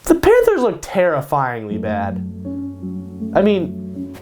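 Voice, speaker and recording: A man's voice: fairly high pitch, wildly swooping pitch, takes it slowly, over music. A man hosting his own show, giving casual sports predictions in a hyped way, repeating his picks and tacking "baby" onto them. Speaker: host. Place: home in Kansas.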